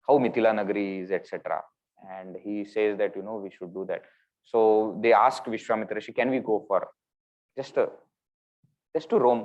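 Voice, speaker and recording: Animated Indian English male spiritual teacher. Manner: animated, acting out the characters' words with sudden jumps in pitch. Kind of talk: storytelling scripture discourse. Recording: dull lo-fi recording.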